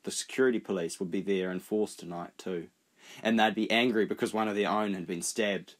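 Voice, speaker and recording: A man narrating an audiobook in a steady, measured reading voice. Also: on the low side. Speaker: audiobook reader. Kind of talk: scripted narration.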